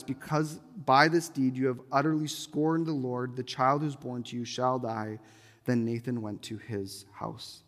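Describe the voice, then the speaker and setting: A man preaching a sermon, reading scripture aloud and pleading earnestly with his listeners. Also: on the high side. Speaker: pastor. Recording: reverberant hall.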